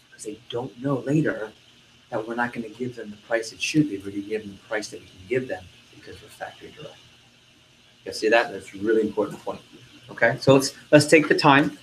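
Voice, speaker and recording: A man's voice: mid-range voice, brisk, a little hiss or hum, low-quality recording. Emphatic male sales trainer. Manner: emphatic, repeats key words, call-and-response with trainees. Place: training room.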